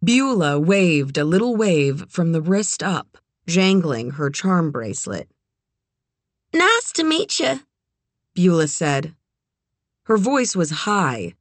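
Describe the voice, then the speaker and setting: A woman narrating a novel in a measured, expressive way. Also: low-pitched, dry recording. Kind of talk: audiobook narration.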